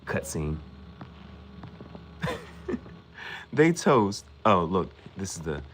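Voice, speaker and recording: Man, anime recap host, casual rambling talk, swooping lively pitch, bright tone. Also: very slow, a little hiss or hum. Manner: rambling, repeats himself, quotes characters in casual slang.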